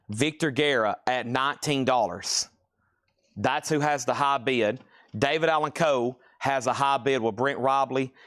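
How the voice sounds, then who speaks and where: Male live-sale host, mid-pitched, loose and chatty, repeats lots and bids. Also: a bit bright. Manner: repeats item names and bids, casual and rambling. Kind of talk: live-stream auction selling.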